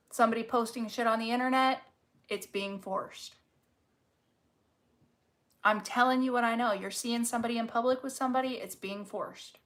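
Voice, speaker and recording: A woman's voice: fairly high pitch, steady tone, fairly bright tone. Blunt, swearing woman reading tarot cards. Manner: blunt, swears freely, emphatic slowed stresses. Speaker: tarot reader. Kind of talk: casual tarot reading to camera.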